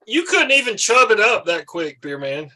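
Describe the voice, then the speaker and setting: Mocking buddy at a beer table; very bright, lively high voice, slow delivery. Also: male voice. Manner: teasing, mocking. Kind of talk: crude joking banter.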